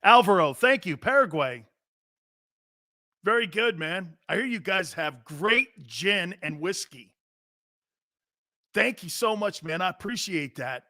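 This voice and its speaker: A man hosting a sports talk show in a brash, joking style, reading out chat and giving shout-outs. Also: high voice, animated, unhurried, pauses often, no room sound, clean studio sound.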